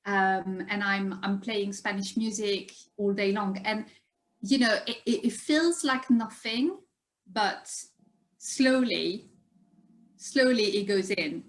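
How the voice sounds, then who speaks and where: Brief: woman guest, chatty storyteller, mid-pitched, laughs easily. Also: takes it slowly. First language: French. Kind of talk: casual conversation.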